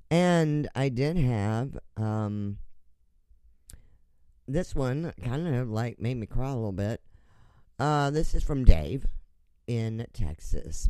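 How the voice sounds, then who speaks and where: A laid-back man runs his own radio show, drawling slowly in a smooth, resonant voice. He rambles, swears often and laughs at his own slips. The sound is dry and close, with no room around it. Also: medium pitch, animated, dark tone, no echo. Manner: profane, rambling, laughing at himself; drinks on air. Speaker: online radio show host. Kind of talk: casual radio banter reading listener messages.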